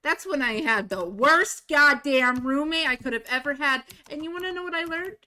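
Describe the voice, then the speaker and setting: A woman's voice: high voice, normal speed, pushed and bright. A woman streaming a game live, telling stories in casual chat, blunt and swearing freely. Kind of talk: casual chat while gaming.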